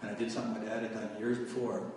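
A man's voice: on the low side, flat delivery, rapid-fire, background noise. A man giving his testimony as a sermon, telling his story and raising his voice at its peaks. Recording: echoey hall from far off.

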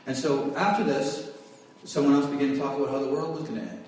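A man's voice: medium pitch, fairly even intonation, fast, darkish tone, distant mic, slight background noise. Man preaching in an echoey hall. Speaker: preacher giving testimony. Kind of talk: testimony sermon.

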